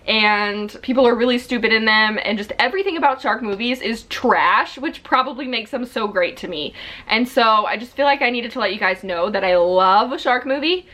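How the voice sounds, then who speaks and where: A woman's voice: a little high, bright, forceful tone. A woman in her twenties telling a story to camera in a chatty, rambling way, full of fillers and self-corrections. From South Carolina. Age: 20s. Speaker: vlogger.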